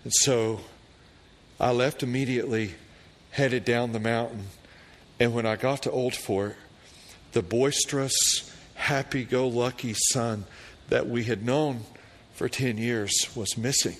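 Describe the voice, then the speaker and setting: Man, middle-aged, pastor, sermon, slow unhurried delivery, fervent scripture reading. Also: medium pitch, steady tone. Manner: slow, deliberate preaching that rises to fervent loud prayer readings.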